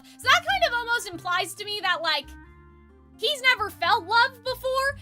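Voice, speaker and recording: Young woman, livestream host, very high pitch, sharp bright tone, giggly rambling chat. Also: normal speed, soft background music. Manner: animated, giggly, rambling with many fillers. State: sore throat. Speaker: streamer host. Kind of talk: casual livestream discussion.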